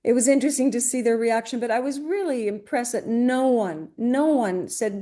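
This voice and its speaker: Chatty woman, mellow voice. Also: on the high side, normal speed. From Greece. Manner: chatty, many restarts and fillers. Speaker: guest, voice actress. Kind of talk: casual interview anecdotes.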